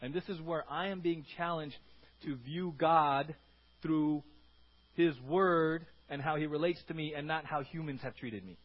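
A man with a high voice preaches a sermon with animated energy. He keeps it conversational and repeats words as he goes. The church recording is dull and lo-fi. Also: measured pace. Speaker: pastor.

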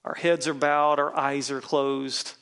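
A man's voice: mid-range voice, flat delivery, a little slow, fairly bright tone, clear, resonant tone. A man, a pastor, preaching a sermon in a church and leading the congregation in call-and-response. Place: church sanctuary.

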